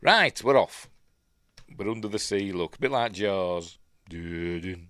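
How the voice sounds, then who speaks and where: Yorkshire man, film reviewer, lowish voice, dry close sound, rambling, hesitant. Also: animated, a little slow, a bit bright, no room sound. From Yorkshire, England. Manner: rambling, hesitant, lots of ums and asides. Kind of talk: casual film commentary.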